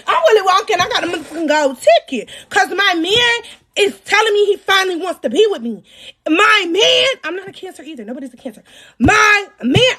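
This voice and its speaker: A woman telling an animated, profane personal story in a storytime vlog, breaking into dramatic shouts. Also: very high voice.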